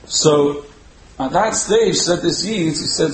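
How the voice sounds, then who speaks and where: A man's voice: a little high, slow pace, slight background noise. Man telling a folk tale. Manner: lively retelling with frequent restarts and Yiddish-Hebrew terms. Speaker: storyteller. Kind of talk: told religious folk tale. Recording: roomy echo.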